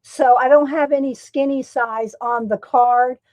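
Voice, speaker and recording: This livestream host chats from home in a high, a little mellow voice with fairly even intonation, speaking a little slowly. She laughs often and greets viewers by name, and her desktop USB microphone yields poor audio with no room sound.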